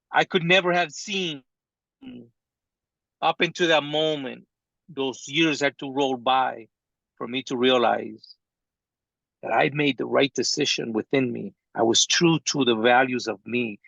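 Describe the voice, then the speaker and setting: A man telling a painful personal story in a live training talk, speaking slowly and haltingly with long pauses. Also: medium pitch, vocal fry, a bit bright, no room sound, lo-fi sound.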